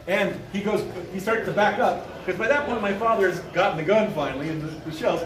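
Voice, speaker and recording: A man in his fifties telling a comic personal story at a live event, animated and full of sound effects. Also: high-pitched, a little fast, few pauses. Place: bar event space. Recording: roomy live sound from far off.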